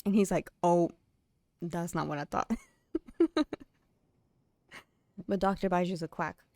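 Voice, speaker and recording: A woman's voice: on the low side, fairly even intonation, slow, dark tone, no room sound. A young woman streamer chatting casually and giggling as she tells stories while gaming.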